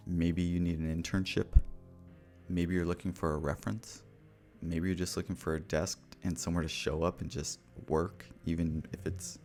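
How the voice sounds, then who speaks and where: A podcast host talking earnestly and directly to the listener as he gives motivational advice. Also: low-pitched. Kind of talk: motivational talk.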